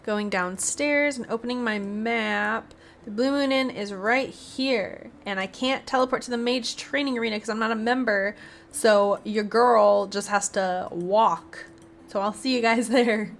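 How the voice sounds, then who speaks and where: A woman's voice: on the high side, measured pace, a little hiss or hum. A woman hosting a gaming video, chatting casually to her viewers as she plays. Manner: chatty, addresses viewers directly. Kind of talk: casual gameplay commentary.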